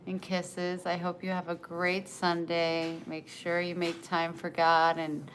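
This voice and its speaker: A woman's voice: on the low side, completely flat delivery, slow pace, a bit bright, a little hiss or hum. A woman in her forties chatting casually on a livestream, greeting viewers and reading their comments aloud. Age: 40s. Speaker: livestream host.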